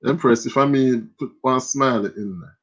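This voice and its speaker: A man's voice: medium pitch, moderate pace. A man with a Jamaican accent hosting a live quiz stream, joking and reading viewer comments aloud. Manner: animated, joking, reads chat comments aloud. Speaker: quiz host. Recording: lo-fi stream audio.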